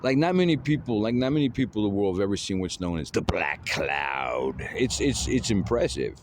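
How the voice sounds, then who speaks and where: Rambling drawling man, lively pitch. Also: brisk, slight background noise. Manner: drawling, rambling, lots of fillers like "you know" and "man". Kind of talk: rambling casual monologue.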